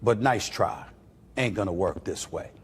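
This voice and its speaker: A man's voice: fairly low pitch, unhurried, slightly rough. A man doing online commentary, answering a critic in a taunting, dismissive way. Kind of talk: mocking rebuttal commentary.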